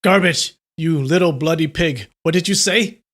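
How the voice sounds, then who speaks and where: A proud middle-aged master bellows in fury at his own son, as a man reading a story puts him on. His lines come out loud and harsh. It is a storybook reading with raised, angry delivery. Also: medium pitch, a little fast, lightly acted. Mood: enraged. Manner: loud, yelling outbursts.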